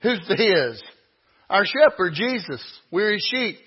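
A man's voice: high voice, very animated, a little slow, slightly rough. A man preaching a sermon in church, folksy and emphatic, full of rhetorical questions. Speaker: pastor. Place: church sanctuary. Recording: dull lo-fi recording.

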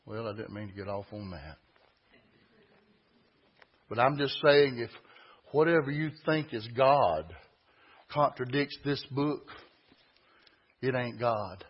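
Folksy preacher, husky voice. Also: male voice, medium pitch, lively intonation, slow, long pauses, lo-fi sound. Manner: folksy, emphatic, rising to shouting peaks. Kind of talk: sermon.

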